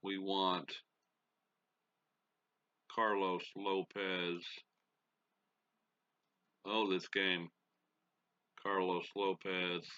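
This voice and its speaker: Slow-talking man narrating a baseball game. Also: low voice, level tone, bright, forceful tone, muffled recording. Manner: muttering to himself, folksy exclamations. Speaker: gaming channel host.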